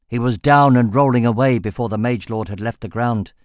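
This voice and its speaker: A man narrates a fantasy audiobook in a steady, measured storytelling voice of medium pitch, recorded dry with studio quality.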